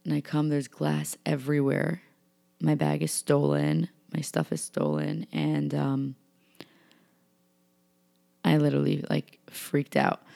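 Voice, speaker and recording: Gravelly young woman telling a story. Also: low-pitched, slow, long pauses. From New York. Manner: animated retelling with acted-out quotes and many fillers. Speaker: vlogger. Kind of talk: personal storytelling.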